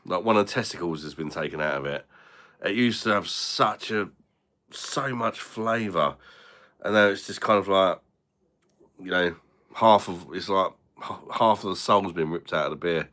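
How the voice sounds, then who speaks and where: A man's voice: low voice, moderate pace, sharp tone. A man hosting a casual live stream about beer, blunt and sweary, chatting and chuckling with his viewers. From Britain. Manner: blunt and sweary, banters with chat, chuckles often.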